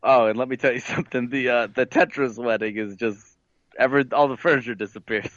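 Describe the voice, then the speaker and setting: A man's voice: medium pitch, fairly even intonation, fairly quick, fairly bright tone, dry recording, natural voice. Boastful male wedding planner caller, put on by a man, dry and muffled. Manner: boastful, keeps saying "let me tell you something". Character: smug male video game wedding planner. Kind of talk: comedic improv character.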